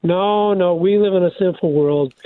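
An older man, a pastor and radio guest, talking through scripture in an animated, preacherly way with many restarts, over a phone line. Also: high voice, moderate pace, no echo. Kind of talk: devotional radio talk.

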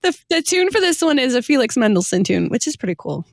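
A woman's voice: sits high, big pitch swings, fast, dry recording, clean studio sound. A woman hosting a podcast, chatting casually, laughing often and reading hymn texts aloud with feeling. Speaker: podcast host.

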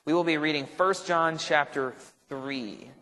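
A male pastor teaches a relaxed Bible study in a church meeting room, thinking aloud with restarts and asides. He keeps checking in with his listeners, tossing out "right?" as he goes. His voice rings with a long reverb, as if caught by a room mic. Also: fairly high pitch, a little slow. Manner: conversational, checks in with frequent "right?".

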